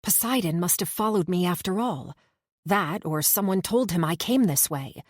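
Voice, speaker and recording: Female audiobook narrator, low voice, tense measured delivery, dry close mic. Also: animated, dry recording. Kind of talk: first-person audiobook narration.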